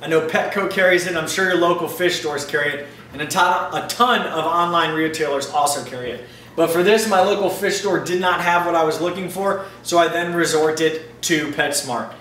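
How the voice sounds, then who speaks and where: A friendly, loose-talking man chats through viewer questions in a casual vlog. His voice is bright and a touch high, and the room is echoey. He sits back from the mic, with a faint hum of room noise behind him. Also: normal speed, far from the mic. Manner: chatty, upbeat, loose and informal. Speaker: aquarium hobbyist answering viewer questions. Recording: roomy echo, mic set back, faint ambient noise.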